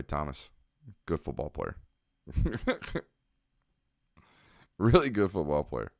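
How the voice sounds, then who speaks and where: A young man, giving relaxed, analytical commentary on a football game as he watches and answers chat on a live stream. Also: very deep voice, no echo, studio quality.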